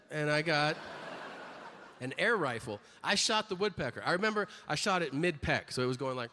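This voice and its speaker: Crude deadpan stand-up comedian, man. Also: a little high, brisk, long reverb tail, noisy background. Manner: crude, deadpan storytelling with sudden loud outbursts. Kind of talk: stand-up routine. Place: comedy stage.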